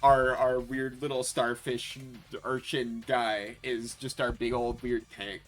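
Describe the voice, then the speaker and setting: A man hosting a livestream in casual chat, animated and profane, laughing often and restarting his sentences. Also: medium pitch, slow, faint music behind. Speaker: streamer, host.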